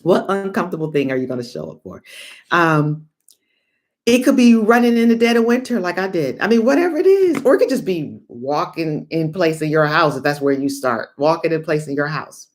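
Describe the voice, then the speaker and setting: A middle-aged woman giving a lively motivational talk to online viewers, chatty and animated, calling them "y'all" and breaking into laughs and high whoops. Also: fairly quick. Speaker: motivational speaker.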